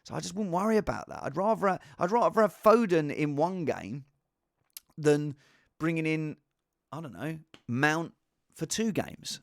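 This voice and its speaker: A man's voice: a little high, animated, measured pace, vocal fry, dry recording, clean studio sound. A man chatting casually on his own as a fantasy football vlogger, rambling with restarts and asides. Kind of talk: casual solo chat.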